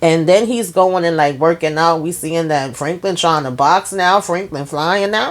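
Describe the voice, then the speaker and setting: A woman's voice: lowish voice, moderate pace, few pauses. A woman casually recapping a TV episode in a chatty, colloquial way. She keeps checking in with "okay?" and "y'all" and acts out the characters' lines as she goes. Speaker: TV recap vlogger.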